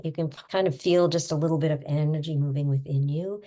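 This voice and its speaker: A woman stress coach leading a guided tapping session, soft-spoken and soothing, calling out tapping points between gentle affirmations. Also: sits low, fast, few pauses. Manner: soft-spoken, calm and soothing, breathy sighs.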